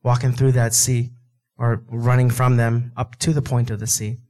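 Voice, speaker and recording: Preaching at a moderate pace in a medium-pitched voice, this man performs the scripture he reads, voicing both God and Moses. His delivery is lively and conversational, full of asides and laughter.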